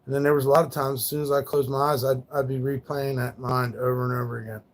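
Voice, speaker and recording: A man's voice: medium pitch, level tone, fast talker. A man livestreaming, rambling and swearing as he talks about his late dog, grieving and sometimes thanking chat. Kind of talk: casual livestream talk.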